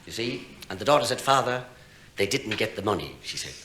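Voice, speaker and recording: A man's voice: fairly low pitch, big pitch swings, fairly quick, bright, forceful tone. An Irish man telling jokes on stage to a live audience, chatty and chuckling at his own punchlines. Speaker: stand-up comedian. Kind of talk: live stand-up storytelling. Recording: echoey live room, faint hiss.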